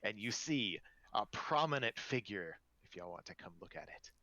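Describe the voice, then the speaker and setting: A man's voice: fairly low pitch, lively intonation, moderate pace, bright, forceful tone, muffled recording. A man running a tabletop game as game master, narrating in a loose, rambling way.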